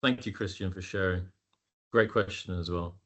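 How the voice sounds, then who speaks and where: A man with a fairly low voice hosts a webinar question session over a video call. He speaks loosely and casually, filling pauses with ums. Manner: loose, filler-heavy, relaxed. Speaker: webinar host. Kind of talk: hosting a webinar Q&A.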